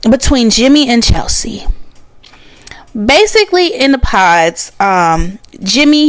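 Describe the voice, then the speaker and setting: A woman hosting a podcast, giving blunt, sassy, animated pop-culture commentary. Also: fairly high pitch, no room sound. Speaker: podcast host.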